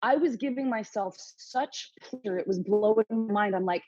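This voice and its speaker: A woman's voice: medium pitch, normal speed, lo-fi sound, music in the background. A woman in her late forties, a podcast guest telling her story frankly, swearing freely and acting out her own inner dialogue. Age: late 40s. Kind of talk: candid interview storytelling.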